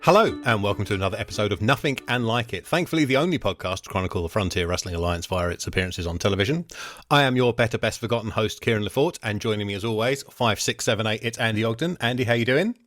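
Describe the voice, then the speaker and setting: A man hosting a casual podcast, wry and quick to laugh as he leads the chat. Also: on the low side, lively intonation, fairly bright tone, no echo, studio quality. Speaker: podcast host.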